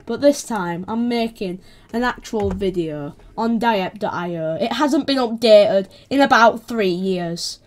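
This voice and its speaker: A woman with a British accent giving casual gameplay commentary, excitable, yelping when attacked and trash-talking playfully. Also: medium pitch, unhurried. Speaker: gaming video creator.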